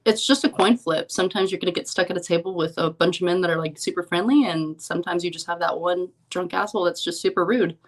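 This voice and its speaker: A young woman talking casually on a podcast, her voice sitting a little low. She tells her stories in a loose, rambling way, peppered with "like" and "um". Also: quick pace, hardly any pauses. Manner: chatty storyteller, lots of "like" and "um". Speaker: professional poker player, podcast guest. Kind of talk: casual interview chat.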